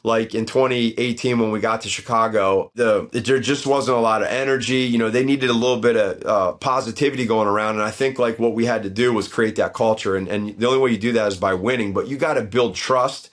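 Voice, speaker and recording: A man's voice: on the low side, a little fast, few pauses. A middle-aged man, a former football head coach, telling stories as a guest in a casual podcast chat. His voice jumps up when he acts out what people said. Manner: animated storyteller, voice jumps up in quoted bits.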